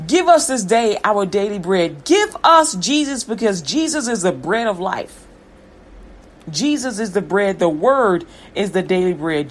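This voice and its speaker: A woman preaching a sermon in an emphatic, repetitive cadence. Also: medium pitch.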